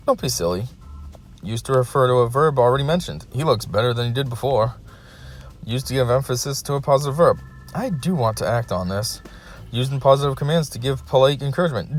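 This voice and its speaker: A man hosting a casual solo video, reading dictionary definitions aloud and breaking off now and then to complain. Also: medium pitch. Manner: reads definitions flatly, breaks off to complain and laugh.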